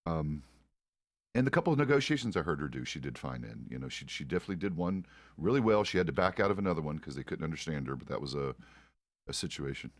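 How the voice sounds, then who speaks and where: Middle-aged guy w a really low voice, rambly and sweary, role-play chat, dry close sound. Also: sing-song, fast talker, no echo. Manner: rambling and profane, with many restarts. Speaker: streamer playing a frontier deputy.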